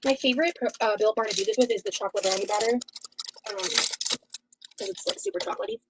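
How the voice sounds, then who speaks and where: A woman chatting casually in a video, sharing snack tips and personal thoughts in a relaxed way. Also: on the high side, fast, noisy background. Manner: relaxed, chatty, eats while talking.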